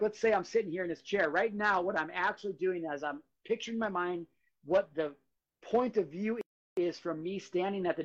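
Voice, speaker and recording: Earnest motivational male podcast host. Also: a little high. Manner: earnest, motivational, casual slang. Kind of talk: solo outro monologue. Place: podcast studio. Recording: dull lo-fi sound.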